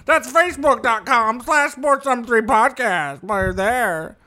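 A man's voice: very high voice, moderate pace, pushed and bright, pitched above the performer's own voice. A man voicing a creepy, upbeat male announcer who reads contact details in a sing-song way with ominous asides. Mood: eerie promo. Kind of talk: comedy podcast bit.

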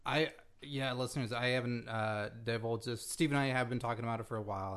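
A man's voice: mid-range voice, fast, hardly any pauses, fairly bright tone. A man co-hosting a casual podcast, joking and swearing often and rambling with fillers as he gives announcements. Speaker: podcast co-host.

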